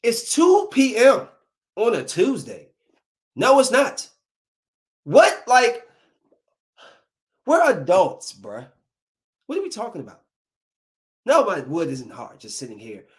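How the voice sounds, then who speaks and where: A man's voice: high voice, huge pitch swings, takes it slowly, pauses often. A young adult man delivering a comic monologue, full of incredulous rhetorical questions. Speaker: comedian. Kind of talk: stand-up style comic monologue.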